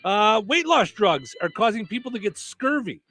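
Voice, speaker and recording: A male radio host with a high, very animated voice reads headlines and follows each with a wisecrack. Faint music runs under his talk. The delivery is playful and chatty. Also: normal speed. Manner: wisecracking, jokey punchlines after headlines. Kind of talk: comedic news-headline banter.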